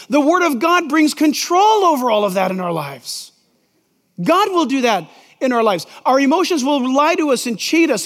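A middle-aged male pastor with an extremely high-pitched, fairly bright voice reads Scripture aloud during a sermon. His delivery is conversational and emphatic, and the large church sanctuary adds a long reverb.

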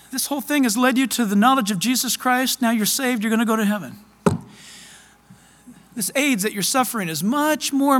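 A man preaching a sermon as pastor, fervent, loud and excited. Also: extremely high pitch, in a large hall.

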